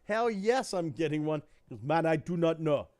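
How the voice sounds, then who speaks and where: A man's voice: a little high, animated, normal speed, a little mellow. Laughing, joking man on a live podcast. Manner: joking storyteller, laughs often. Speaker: podcast co-host. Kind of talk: casual live-stream chat.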